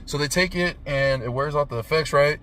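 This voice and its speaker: Profane man retelling a film, boom effects. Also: brisk. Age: 30s. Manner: animated, profane, says "right?" constantly; makes "boom" sound effects while retelling. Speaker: movie reviewer. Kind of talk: casual movie review.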